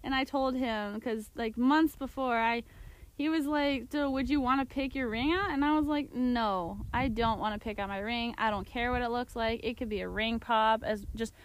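Young woman, high-pitched podcast co-host with animated storytelling and squeaky acted-out quotes. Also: normal speed. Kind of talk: casual chat.

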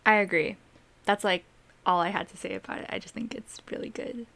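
A woman's voice: mid-range voice, steady tone, brisk, creaky, a bit bright. A woman in a casual podcast chat, playful and jokey, acting out quoted lines.

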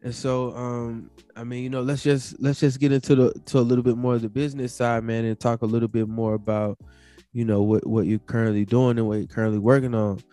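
A man hosts a podcast interview, asking relaxed questions full of fillers. His tone is warm and mellow, recorded dry and close. Faint guitar music sits underneath. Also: medium pitch, a little fast, no echo. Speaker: podcast host.

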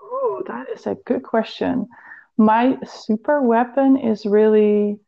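A woman's voice: a little high, big pitch swings, slow, gravelly, mellow, lo-fi sound. A woman with a Dutch accent, a health and fitness coach, speaking earnestly in a podcast interview and now and then searching for an English word.

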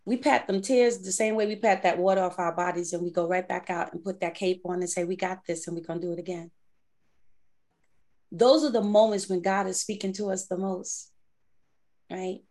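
A woman's voice: medium pitch, moderate pace. A woman from the Bronx co-hosting a faith podcast, talking animatedly and acting out conversations with God. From the Bronx, New York. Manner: animated, acts out inner dialogues with God. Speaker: podcast co-host. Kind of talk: faith-based casual podcast chat.

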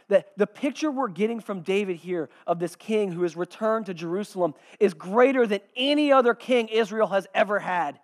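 A man preaching a sermon, reading scripture and swinging from loud, rising calls to soft, slow hushes. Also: high-pitched. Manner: dynamic preaching, swells loud then drops to a hush. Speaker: pastor.

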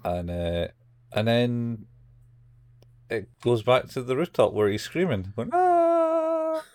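Low-voiced man chatting casually. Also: slow, a little mellow, no room sound. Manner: rambling, acts out characters' lines. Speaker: podcast co-host. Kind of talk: casual chat recapping anime episodes.

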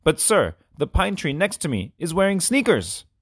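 A man putting on a hapless storybook detective who yelps out his questions in a high, startled voice. The recording is close and dry. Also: sing-song, normal speed, breathy edge, no echo, heavily acted. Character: bumbling hapless male detective.

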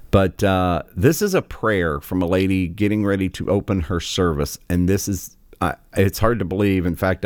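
A man's voice: sits low, dry recording, clean studio sound. A man hosting a political commentary show, ranting in a sarcastic, scornful way with many fillers.

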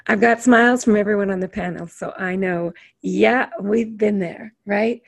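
A woman's voice: medium pitch, normal speed, creaky. A woman leading a self-help panel discussion, reading points from a list and asking the group encouraging questions. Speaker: group facilitator.

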